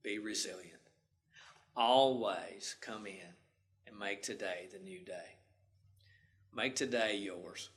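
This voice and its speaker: A man's voice: lowish voice, slow pace, pauses often, fairly bright tone. A male instructor telling a story in a folksy, homespun way during a lecture.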